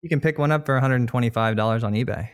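A man hosting a casual podcast interview, chatty and quick to laugh. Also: medium pitch, no echo, clean studio sound. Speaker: podcast host.

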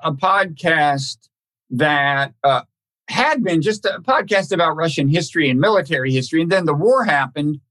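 A man hosting a podcast conversation, talking in a halting, thoughtful way with many restarts and repeated words. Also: a little high, a bit bright. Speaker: podcast host. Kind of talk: casual conversational interview.

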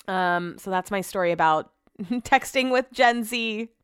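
A woman's voice: mid-range voice, unhurried, fairly bright tone, clean tone, no echo, studio quality. A woman in her thirties hosting a solo podcast, chatty and rambling, swearing freely and filling her talk with "like", feeling emotional. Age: 30s. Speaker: podcast host. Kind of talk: casual solo podcast chat.

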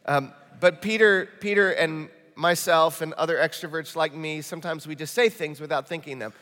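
A male pastor from Michigan with a Midwestern accent, preaching a lively, joking sermon in a church. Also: on the high side, normal speed. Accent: Midwestern American. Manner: animated, jokey storytelling preacher. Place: church auditorium. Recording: reverberant church hall.

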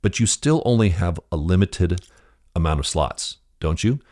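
A man in his fifties hosting a business podcast, telling a family story with quoted dialogue, talking casually and restarting often. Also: normal speed. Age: 50s. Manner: storytelling, acts out quoted dialogue with animated pitch jumps; frequent restarts and fillers, addresses the listener directly. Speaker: podcast host. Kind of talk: conversational business talk.

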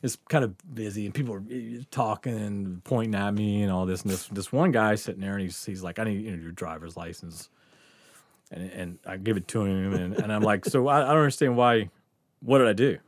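A man's voice: fairly low pitch, brisk, no echo. A man hosting a podcast, telling a story in casual chat, laughing often and swearing freely. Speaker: podcast host.

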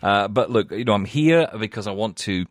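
A man's voice: on the low side, expressive, normal speed, no echo, clean studio sound. A man hosting a casual tech podcast, chatty and self-mocking with lots of fillers. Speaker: podcast host.

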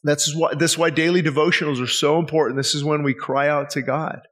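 Male pastor, slightly high voice, earnest and pleading sermon delivery, lots of rhetorical questions. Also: fairly even intonation, a little fast, a bit bright. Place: church service.

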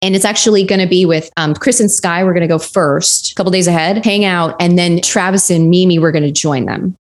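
A woman co-hosts a podcast with a somewhat low voice, telling the story in loose, chatty runs. She is irreverent and swears freely. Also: a little fast. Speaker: podcast co-host. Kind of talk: casual true-crime chat.

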